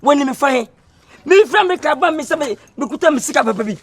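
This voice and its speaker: An actor with a Ghanaian accent playing a blustering husband who stammers and defends himself in a comedy film. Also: male voice, very high voice, animated, fast talker.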